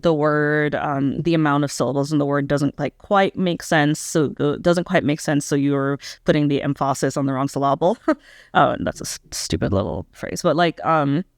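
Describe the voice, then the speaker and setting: A woman's voice: deep voice, moderate pace, dry recording, studio quality. A young woman giving a casual, candid reaction review of a pop album, hesitant and full of "um" and "like" as she thinks aloud. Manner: candid, self-questioning critique.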